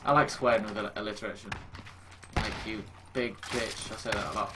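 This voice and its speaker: A young man talks casually over his gameplay. He mocks himself, swears freely and lets out sudden exclamations. Game noise sits clearly behind his voice. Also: on the low side. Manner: self-mocking, swearing, quick to exclaim. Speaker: gaming YouTuber.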